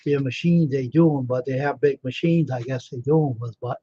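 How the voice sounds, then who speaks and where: A man with a medium-pitched, brisk, husky voice and dark tone hosts a casual livestream, the highs cut off. Tired and yawning, he rambles about his screen printing work and speaks to viewers by name with self-assurance.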